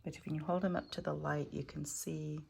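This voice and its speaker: Chatty woman with a gravelly, low voice. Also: little pitch movement, a little fast, slight background noise. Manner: chatty, enthusiastic, drops to soft near-whispers over delicate pieces. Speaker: vintage jewelry reseller showing finds. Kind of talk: casual show-and-tell vlog.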